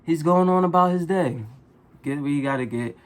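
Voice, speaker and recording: A man vlogger telling a casual story in an animated, exasperated, slangy way. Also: on the high side, moderate pace.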